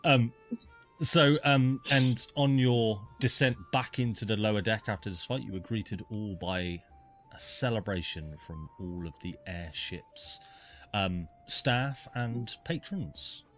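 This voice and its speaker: A man running a tabletop game as game master, narrating in a relaxed, easygoing way with many ums. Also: fairly low pitch, slow, soft background music.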